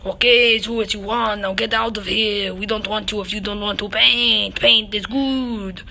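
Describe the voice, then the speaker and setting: A woman voicing a bossy, dismissive French painter in a slow, haughty mock French accent. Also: mid-range voice, fairly even intonation, creaky, bright, forceful tone, a little hiss or hum.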